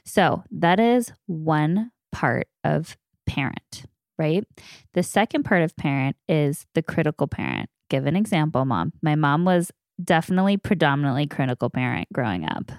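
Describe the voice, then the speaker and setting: A woman in her thirties hosting a podcast, explaining ideas in a clear, teaching manner during a conversation. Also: low-pitched, very animated, moderate pace, dry recording, studio quality. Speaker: podcast host. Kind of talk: conversational interview.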